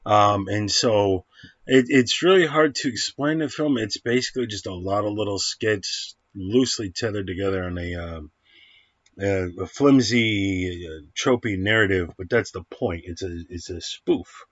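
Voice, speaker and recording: A man with a fairly low voice gives a loose, scattered film review, stumbling through fillers and restarts. The sound is dry and a bit muffled. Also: measured pace, a bit bright, no room sound. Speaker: movie reviewer. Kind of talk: casual rambling film review.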